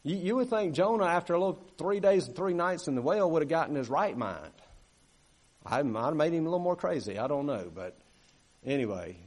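Preacher calling for amens. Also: male voice, a little high, expressive, fairly quick, darkish tone. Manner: conversational, calls for amens, acts out quoted grumbling. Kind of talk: sermon. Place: church sanctuary.

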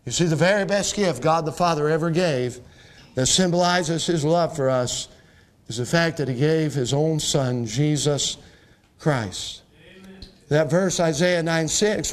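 A man pastor preaching a sermon to his church, quoting scripture and building to emphatic peaks. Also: a little high.

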